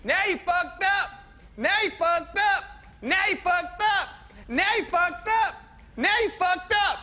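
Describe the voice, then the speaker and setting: A man voicing a crude, loudmouthed male president who yells profanity at a play. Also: very high-pitched, lively intonation, slow pace, heavily acted. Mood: taunting. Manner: profane, yelling, repeating himself.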